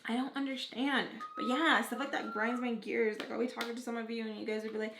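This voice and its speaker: A woman's voice: a little high, quick pace, noisy background. A young woman chatting to camera while doing her makeup, blunt and swearing often, peppering her talk with "like" and acting out quoted people. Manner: blunt and profane, heavy "like" filler, animated quoted voices. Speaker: beauty vlogger. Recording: echoey room.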